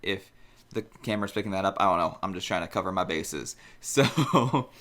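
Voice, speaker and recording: Young man in his twenties, podcast co-host; low voice, loose rambling chat. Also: lively intonation, moderate pace, a bit bright. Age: 20s. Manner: chatty, rambling, self-conscious. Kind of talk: casual chat.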